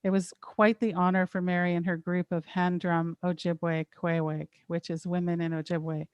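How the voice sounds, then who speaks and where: A woman's voice: lowish voice, little pitch movement, moderate pace, a little mellow, smooth, no echo, muffled recording. A woman host introducing her guest in a casual, grateful way, with frequent fillers.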